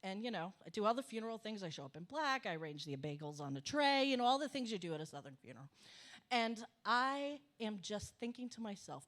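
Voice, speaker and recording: A middle-aged woman telling a comic story on a cafe stage, animated and emphatic, swearing for punch. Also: medium pitch, brisk. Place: small cafe stage before an audience.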